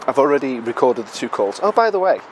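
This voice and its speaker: A man's voice: mid-range voice, big pitch swings, quick pace, slight background noise. A British podcast host, a man, chatting casually and self-mockingly while out walking, a little out of breath, with the odd swear word. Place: outdoors on a city street.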